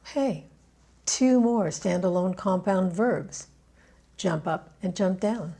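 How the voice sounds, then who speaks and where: A woman with a Canadian accent giving a scripted pronunciation lesson, patient and clearly enunciated. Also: fairly low pitch, animated, unhurried, darkish tone. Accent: Canadian English. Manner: patient, clearly enunciated teaching with drilled examples. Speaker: pronunciation coach.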